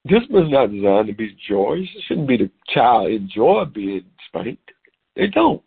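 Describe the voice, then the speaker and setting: Middle-aged preacher man on a phone call, raspy gravelly voice, tinny line. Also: mid-range voice, measured pace. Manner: animated, repeats words, breaks into laughter. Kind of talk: sermon.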